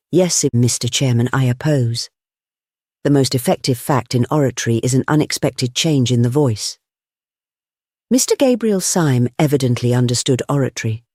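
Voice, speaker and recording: An audiobook narrator reads a classic novel in a measured, even manner at a middle pitch. The recording is dry and close, with no room sound. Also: no room sound. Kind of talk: scripted narration.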